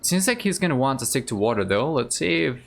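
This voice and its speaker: A man's voice: medium pitch, sing-song, quick pace, vocal fry. A man from Argentina with an Argentine accent, giving easygoing live commentary on a strategy game and chatting with viewers, with Spanish as his first language. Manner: easygoing, thinks aloud, chats with viewers. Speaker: game caster and streamer.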